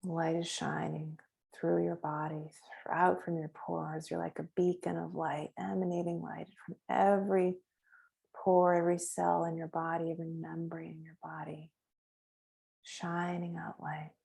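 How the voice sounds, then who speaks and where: Woman, meditation guide, hushed and slow, low gravelly voice, flat tone. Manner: soft, slow, hushed guiding with whispered words. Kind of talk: guided meditation, then casual chat.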